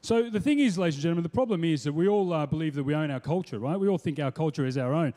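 High-pitched stand-up comic. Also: male voice, expressive, quick pace, hardly any pauses, mellow. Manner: punchy, playful, slips into mock voices and accents. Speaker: stand-up comedian. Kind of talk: stand-up comedy routine. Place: stage before a live audience. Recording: noisy hall with long reverb.

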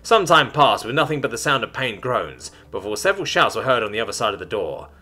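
A man narrating a science fiction story in an animated storytelling manner, with soft music beneath. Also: medium pitch, fast. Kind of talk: scripted narration.

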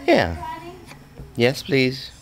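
A man's voice: medium pitch, wildly swooping pitch, drawn-out words. A man, a parent, talking playfully to a baby and imitating animal sounds.

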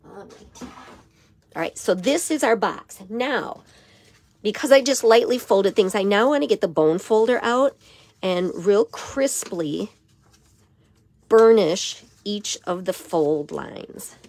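Raspy, gravelly-voiced woman teaching crafts. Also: medium pitch, lively intonation, slow pace, a little mellow. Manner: step-by-step instruction with frequent okays. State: hoarse. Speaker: papercraft demonstrator. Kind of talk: crafting tutorial. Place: home craft studio.

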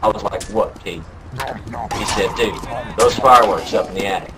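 A man voicing a rambling young Southern good-ol'-boy who drawls through a story and bursts into yelled quotes, over game voice chat. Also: on the low side, normal speed, background noise, close to an everyday voice. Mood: tall tale.

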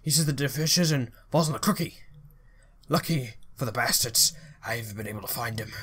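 A man voicing a worried male ship passenger writing to his wife, in a low, hushed voice that sinks toward a whisper. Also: moderate pace, breathy edge. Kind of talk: reading a game note aloud.

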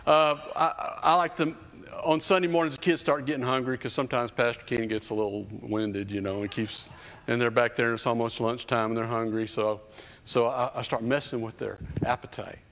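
A man's voice: mid-range voice, fairly even intonation, a little fast, a bit bright. A man in his fifties preaching a sermon as a children's pastor, emphatic and repetitive, building in intensity. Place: church stage. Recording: reverberant church hall.

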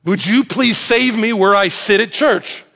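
Animated high-voiced preacher, echoey hall. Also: male voice, unhurried. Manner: animated storytelling, acts out quoted voices. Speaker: pastor. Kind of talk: sermon. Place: church sanctuary.

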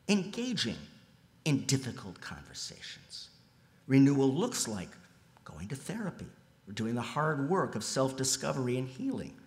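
A man delivering a sermon in a church, alternating between loud, emphatic lines and soft, almost whispered ones. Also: mid-range voice. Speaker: lay preacher. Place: church sanctuary. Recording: long hall reverb.

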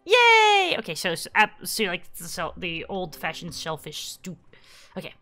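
A woman's voice: lowish voice, steady tone, moderate pace, pushed and bright, soft background music. A woman casually commenting while playing a video game, giggly and chatty, often confused. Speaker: gaming YouTuber. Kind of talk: casual let's play commentary.

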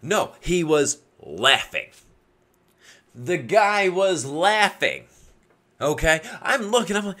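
A man's voice: on the high side, big pitch swings, unhurried, pushed and bright. A man telling a story to camera in a casual vlog, laughing often and cutting off his swear words mid-word. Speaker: video creator giving dating advice.

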